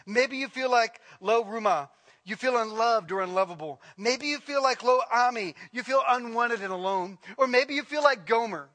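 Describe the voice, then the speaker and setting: A man preaching a sermon, telling a story and swinging from impassioned peaks down to very soft, quiet appeals. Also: extremely high pitch. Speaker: pastor.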